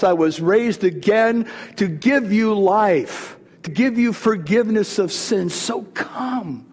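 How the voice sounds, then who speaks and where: A man's voice: sits high, a little mellow, big-room sound. A man preaching a sermon, retelling scripture in casual, everyday words. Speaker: pastor.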